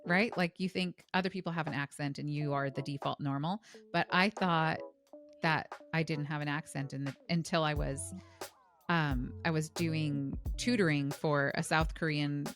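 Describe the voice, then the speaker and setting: Casting: woman podcast co-host, low voice, chatty with fillers, music bed behind. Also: fairly even intonation, normal speed. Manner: chatty, laughing, lots of "like" fillers. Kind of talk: casual chat.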